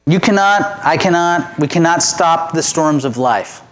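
A man's voice: on the high side, animated, measured pace. A middle-aged man giving a conversational, self-deprecating sermon as pastor.

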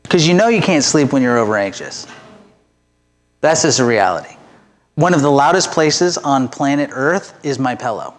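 A man preaching to his church congregation in a relaxed, conversational way, with fillers and restarts, slowing into deliberate pauses. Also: medium pitch. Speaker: pastor. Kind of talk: informal sermon to a congregation. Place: church sanctuary with rows of seats.

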